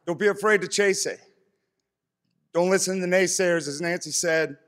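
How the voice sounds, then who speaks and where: Man, 30s, from East Tennessee, acceptance speech, heartfelt, slightly high voice, long hall reverb. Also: normal speed, a bit bright. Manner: earnest, heartfelt storytelling. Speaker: honoree giving an acceptance speech. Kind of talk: speech to an audience.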